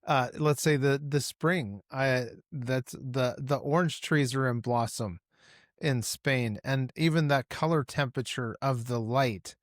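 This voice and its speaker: A man's voice: mid-range voice, a little slow, dry recording, studio quality. A man hosting a podcast, reflecting thoughtfully to his guest. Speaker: podcast host. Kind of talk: interview conversation.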